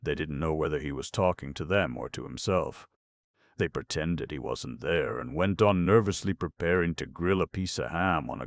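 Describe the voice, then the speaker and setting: Very deep gravelly audiobook narrator. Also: male voice, dry recording, clean studio sound.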